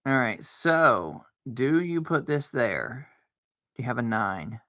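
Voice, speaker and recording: A gravelly, bright-toned man plays solitaire on a stream and chatters to himself in slow, drawn-out phrases. He argues with himself and breaks into mock-scared outbursts. The sound is dull and dry, like a lo-fi home mic. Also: medium pitch, sing-song, dry recording. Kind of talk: casual gameplay commentary talking to himself.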